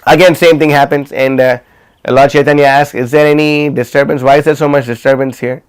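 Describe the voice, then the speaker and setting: Storytelling man with a smooth voice. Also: fairly high pitch, steady tone, fairly quick. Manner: retells stories with many fillers and restarts. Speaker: class speaker. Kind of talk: storytelling class talk. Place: livestreamed class.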